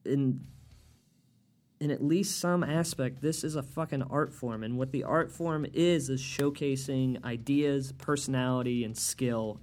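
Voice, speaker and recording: A man's voice: medium pitch, a little mellow. A man hosting a solo comedy podcast, ranting with heavy profanity and doing mocking impressions. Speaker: podcast host.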